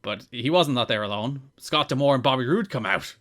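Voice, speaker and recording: A man with a mid-range voice talking casually as a podcast host. He is chatty and relaxed, and he often slips into quick imitations of the people he describes. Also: medium pitch. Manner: chatty, recaps with lots of mimicked quotes. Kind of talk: casual chat recapping wrestling.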